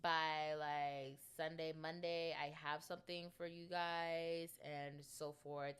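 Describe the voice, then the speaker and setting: A woman's voice: deep voice, clean tone. A woman in her twenties hosting a podcast, chatting casually and rambling with many ums. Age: 20s. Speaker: podcast host. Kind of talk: casual solo podcast chat.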